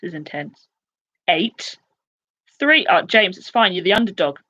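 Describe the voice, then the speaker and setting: A woman in her twenties hosting a casual live quiz, chatty and excitable, with quick asides. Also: lowish voice, lo-fi sound. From United Kingdom. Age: 20s. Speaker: quiz host.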